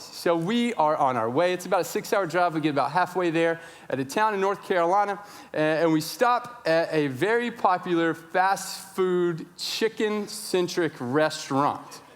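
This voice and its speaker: Animated man preaching with church reverb. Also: a little high. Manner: animated, acts out his own shouting. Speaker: pastor. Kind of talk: sermon storytelling. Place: large church sanctuary.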